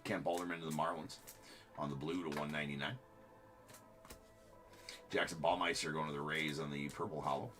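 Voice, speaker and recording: A man's voice: extremely low pitch, fairly even intonation, a little fast, long pauses, fairly bright tone. A man hosting a live-streamed trading card break, giving running commentary on each card and chatting with viewers, with frequent filler words.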